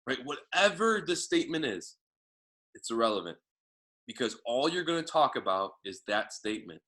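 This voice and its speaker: A man leading a team sales training, talking excitedly and casually, swearing now and then as he fires up his audience. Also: a little high, normal speed, low-quality recording. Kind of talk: motivational training talk.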